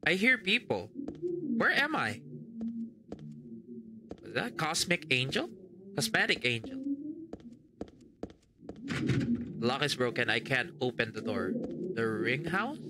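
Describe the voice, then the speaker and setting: A man's voice: mid-range voice, wildly swooping pitch, slow pace, long pauses, background noise. A man doing let's play commentary on a horror game, reading on-screen text aloud and muttering his reactions. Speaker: gamer.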